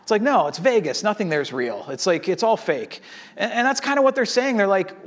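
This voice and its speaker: A man preaching a sermon in a conversational, animated way, acting out the people in the story. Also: high-pitched, brisk. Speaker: pastor.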